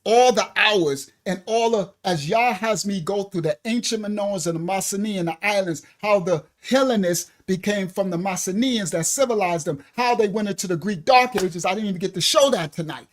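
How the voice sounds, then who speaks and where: A ministry teacher gives a livestream lesson, reading aloud from slides and breaking off to talk straight to viewers. The delivery is animated and emotional, with outbursts of laughter and apologies. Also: medium pitch, moderate pace, few pauses. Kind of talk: livestreamed Bible-history lesson.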